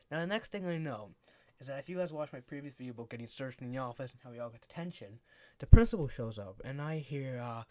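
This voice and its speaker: A man's voice: medium pitch, a little mellow. A teenage boy telling a story in a casual vlog, rambling and swearing often, with lots of fillers. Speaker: vlogger.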